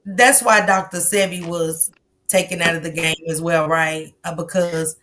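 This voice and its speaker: A woman hosting a livestream chat, talking casually with repeated "you know what I'm saying" and soft agreeing murmurs. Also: on the low side, steady tone, measured pace. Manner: frequent affirming murmurs, rambling with fillers.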